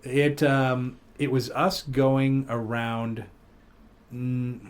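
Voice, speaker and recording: A man's voice: medium pitch, very slow. Rambling, laughing male podcast host. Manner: rambling, animated storytelling with fillers and laughs. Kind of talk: casual chat.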